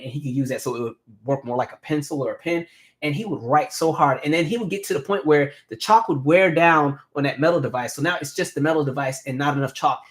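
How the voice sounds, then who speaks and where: A man in his thirties hosting a casual live stream, telling animated stories and reading viewer comments aloud. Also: on the high side. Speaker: host.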